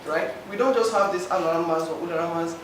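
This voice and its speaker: A man's voice: fairly high pitch, fast. Impassioned man in an echoey hall. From Nigeria. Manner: emotional, pleading. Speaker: forum participant. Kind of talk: impassioned public comment. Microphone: handheld mic. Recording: echoey hall, distant mic, noisy.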